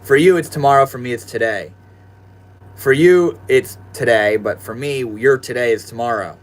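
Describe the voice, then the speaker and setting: A man's voice: mid-range voice, moderate pace, slight background noise. Slangy young man hosting a livestream. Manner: laid-back, slangy, addresses viewers as bro and dude. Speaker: livestream host. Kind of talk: casual livestream chat reading viewer comments. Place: at home in his room.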